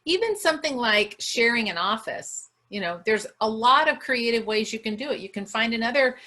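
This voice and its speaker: A woman with a high, bright voice hosts a casual interview podcast. She is enthusiastic and keeps up a steady stream of affirming remarks. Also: a little fast. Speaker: podcast host.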